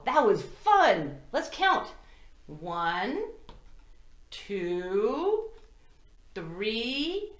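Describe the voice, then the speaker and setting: A woman teaching a children's circle-time lesson, talking slowly and in a sing-song way to small children, with songs. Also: high-pitched, a bit bright. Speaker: preschool teacher. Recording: roomy echo.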